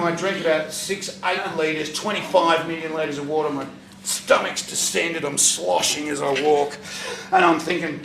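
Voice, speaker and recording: A man telling a profane stand-up story, breaking into loud shouts at punchlines. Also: a little high, fairly even intonation, moderate pace, vocal fry, background noise. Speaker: stand-up comedian. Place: comedy venue stage, audience laughter. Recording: echoey live venue from far off.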